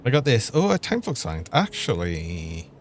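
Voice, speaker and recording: A man's voice: on the low side, wildly swooping pitch, moderate pace, a little hiss or hum. A young man, chatting and laughing as he streams a game. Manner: chatty, laughs often, thinks aloud. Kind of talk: live gameplay commentary.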